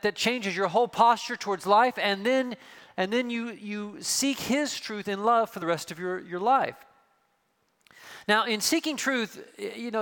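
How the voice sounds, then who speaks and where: A man's voice: sits high, a bit bright. A man preaching a sermon as pastor, passionate and emphatic, often restarting and repeating words as he presses his points. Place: church sanctuary. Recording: long reverb of a church hall.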